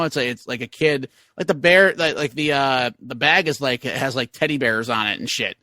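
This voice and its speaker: A man's voice: medium pitch, lively intonation, normal speed, hardly any pauses, sharp tone, dry recording. A man co-hosting a casual podcast chat, telling long rambling anecdotes padded with fillers. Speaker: podcast co-host.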